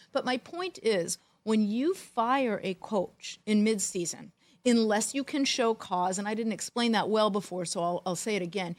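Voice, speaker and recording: A middle-aged woman co-hosting a sports talk show, telling a long story in a wry, animated way. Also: medium pitch, moderate pace. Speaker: podcast co-host, former football executive. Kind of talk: storytelling in casual chat.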